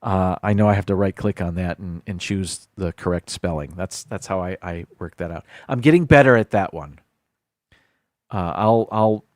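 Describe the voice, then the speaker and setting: A man's voice: lowish voice, dry recording, studio quality. Rambling male live-stream host. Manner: rambling, repeats words while thinking. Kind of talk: casual live-stream chat.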